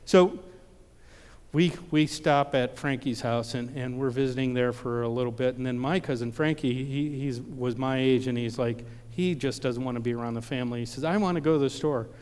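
A man's voice: medium pitch, steady tone, normal speed, darkish tone, clear, resonant tone. Guy preaching in a big echoey hall, tells stories and plays out the voices. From Ohio. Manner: storytelling, acts out quoted voices, repeats words. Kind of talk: sermon with a personal story. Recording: long reverb of a large hall.

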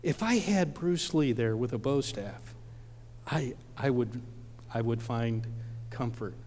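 A man's voice: mid-range voice, lively intonation, takes it slowly, darkish tone, a little hiss or hum. A preacher from Ohio telling a personal story in a sermon, acting out the voices of the people in it and often repeating his words. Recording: long reverb of a large hall.

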